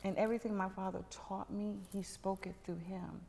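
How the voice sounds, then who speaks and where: A middle-aged woman telling a personal story as a podcast guest, animated and dropping to whispers at tense moments. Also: mid-range voice, a little fast, gravelly, big-room sound, a little hiss or hum.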